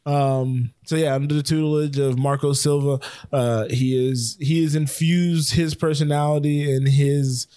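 A young man co-hosting a casual sports podcast, talking fast and rambling with many restarts and corrections. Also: a little high, steady tone, mellow, no room sound, studio quality. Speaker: podcast co-host.

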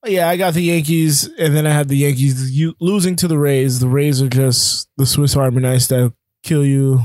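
A man's voice: on the high side, steady tone, darkish tone, dry recording. Chatty male sports podcast host. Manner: chatty, quick asides, frequent ums. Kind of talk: casual sports chat.

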